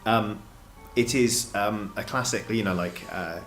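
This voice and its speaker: A man's voice: fairly low pitch, unhurried, a bit bright, echoey room, soft background music. A British man running a tabletop game as dungeon master, narrating with many ums and restarts. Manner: hesitant, full of ums and restarts.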